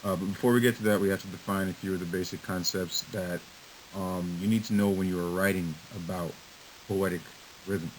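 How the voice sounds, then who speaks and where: A man's voice: low-pitched, steady tone, a little fast, rough recording. A man teaching a recorded lesson in an informal way, with fillers. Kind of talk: recorded lecture. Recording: hissy recording.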